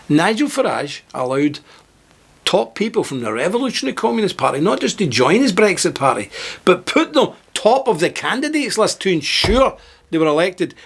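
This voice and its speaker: A man's voice: fairly bright tone, husky. A man hosting his own video channel, giving a heated, emphatic monologue to camera and reading part of it from a script. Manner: emphatic, indignant, with sudden rises in pitch; partly reading aloud from a script. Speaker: political video host.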